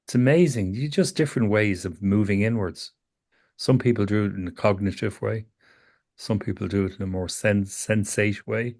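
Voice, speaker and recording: Male therapist, low voice, calm and probing, repeats his questions. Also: normal speed. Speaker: psychotherapist. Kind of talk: therapy session conversation.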